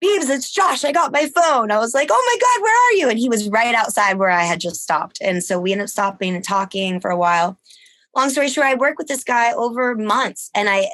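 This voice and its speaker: Podcast guest, female, lively chatty delivery, dry close mic. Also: no echo. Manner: animated, laughs often, acts out quotes in a higher voice. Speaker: guest, musician and volunteer. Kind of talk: casual storytelling.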